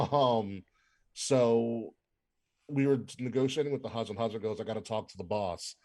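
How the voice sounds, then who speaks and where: A man's voice: medium pitch, moderate pace, warm tone. A man, co-hosting a podcast and telling a casual story with lots of fillers. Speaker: podcast co-host. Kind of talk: casual chat.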